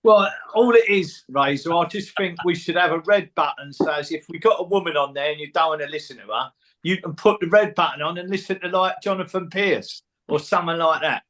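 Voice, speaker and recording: A man's voice: fairly high pitch, brisk, a bit bright. A man co-hosting a casual chat, asking plain-spoken, opinionated questions. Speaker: co-host.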